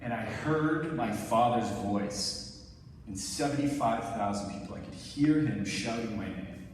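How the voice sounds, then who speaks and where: A lower-voiced Canadian man in his thirties speaks to an audience like a storyteller and keeps cueing someone to run the next clip. His voice sits well back from the mic and rings through a large, echoey hall with a long tail, over a faint ambient hum. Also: animated, recorded from a distance. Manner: conversational storyteller, often cueing a helper to play or pause clips. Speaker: former Olympic sprinter giving a talk. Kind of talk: live talk narrating video clips.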